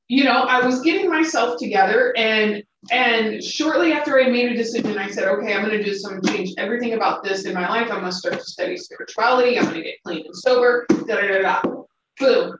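Animated woman far from the mic. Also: medium pitch, slight background noise. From Austin, Texas area. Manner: animated storytelling with many fillers. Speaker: psychic medium guest. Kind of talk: casual interview chat. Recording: distant, dull, echoey sound.

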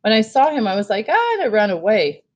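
A woman reading aloud, voicing a whiny, excitable second-grade boy in a high voice. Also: quick pace. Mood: excited. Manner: high, whining kid voice.

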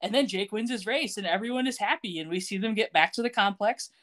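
A woman in casual podcast chat, animated and quick to laugh as she retells scenes. Her pitch sits in the middle range for a woman, and she moves easily between narrating and quoting. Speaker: podcast co-host. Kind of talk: casual chat recapping a TV show.

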